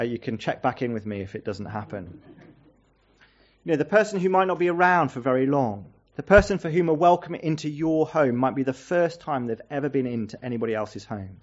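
A man's voice: mid-range voice, darkish tone, muffled recording. A man preaching a sermon as a visiting pastor, earnest and asking the congregation rhetorical questions.

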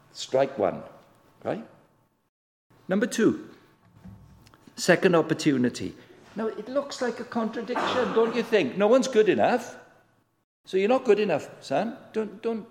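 Man, guest preacher, sermon, conversational, very animated pitch, long hall reverb. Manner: conversational, asks the congregation questions; acts out quoted voices with big pitch swings.

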